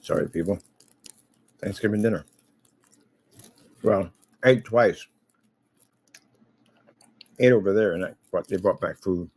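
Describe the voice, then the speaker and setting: Man, casual vlog, rambling, talks to his pet, mellow tone, office room. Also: low voice, measured pace, pauses often, husky. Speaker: vlogger.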